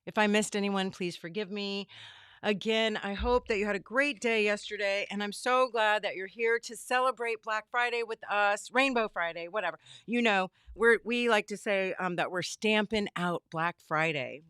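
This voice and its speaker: A bubbly middle-aged woman greets her livestream viewers one by one from her home craft studio, her voice slightly hoarse. Her tone stays smooth and resonant despite the strain. The sound is dry and close, with no room echo. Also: medium pitch, normal speed, fairly bright tone. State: losing her voice. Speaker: livestream host. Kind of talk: casual livestream chat.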